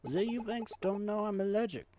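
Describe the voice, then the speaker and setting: A man's voice: high voice, moderate pace, background noise, voice pushed up, lightly acted. A man voicing a proud, fussy male cook from the country, speaking with a faintly put-on accent. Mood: worried. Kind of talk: game dialogue read-aloud.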